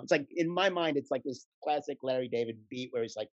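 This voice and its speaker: A man, a guest actor, talks casually in an interview and tells anecdotes in a relaxed, rambling way, laughing often. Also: mid-range voice, quick pace, no echo, muffled recording.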